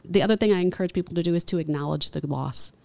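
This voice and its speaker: A woman hospital chaplain speaking as an interview guest, gentle and earnest, often restarting phrases. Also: lowish voice, rapid-fire, creaky, no room sound. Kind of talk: reflective interview talk.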